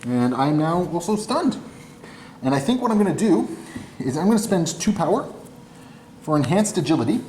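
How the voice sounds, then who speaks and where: This tabletop player and channel host has a fairly high, dark-toned, sing-song voice, speaking at normal speed with frequent pauses. He explains his moves casually and self-deprecatingly in an echoey, faintly noisy room.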